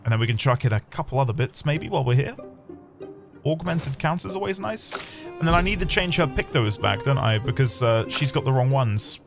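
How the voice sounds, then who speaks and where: A man chats his way through a game stream. His voice rises and falls all over as he rambles and mutters the odd curse, and game music plays clearly behind him. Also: mid-range voice, animated, a little fast. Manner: chatty, rambling, swears lightly. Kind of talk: casual gameplay commentary.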